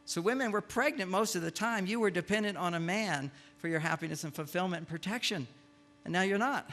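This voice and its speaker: An older man giving a humorous lecture to a live audience, an animated storyteller who acts out the lines he quotes. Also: high voice, a little fast. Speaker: speaker giving a talk.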